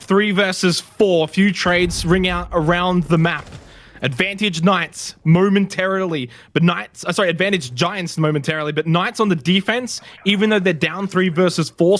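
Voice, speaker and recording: Excitable high-voiced male esports caster. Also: normal speed. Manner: excitable, shouting at big plays. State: losing his voice. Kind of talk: play-by-play commentary.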